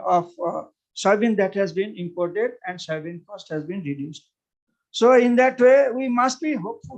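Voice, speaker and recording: A man with an Indian English accent speaks at a seminar, off the cuff, with a fairly high voice. He stops often on "uh" and begins sentences again. He repeats his key points to urge his listeners on. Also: rough recording. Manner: halting, with frequent "uh" fillers and restarts; persuasive and repetitive, urging the audience. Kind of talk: unscripted seminar speech.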